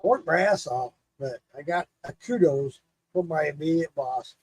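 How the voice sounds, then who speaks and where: Animated, husky-voiced man storyteller. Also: a little high, moderate pace, dry recording, poor audio. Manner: animated storyteller, cursing and laughing. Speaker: show host. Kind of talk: casual drinking chat on a livestream.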